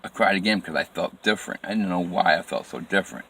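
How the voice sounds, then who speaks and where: A man telling a personal story from his life in plain, halting phrases with frequent restarts and repetition. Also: deep voice, pushed and bright.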